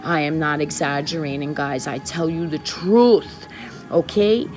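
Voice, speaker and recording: A woman from the Bronx, New York, talks directly to her viewers in a casual, confessional storytelling vlog, with soft music playing behind her. Her voice sits low and is a little mellow, and she speaks unhurriedly. She is emphatic, repeating herself for weight.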